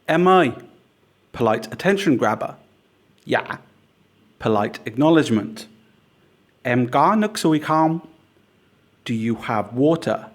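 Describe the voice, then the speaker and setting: A man narrating a language lesson in a clear, measured, instructive way. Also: mid-range voice, lively intonation. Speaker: language teacher. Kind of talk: scripted explanatory narration.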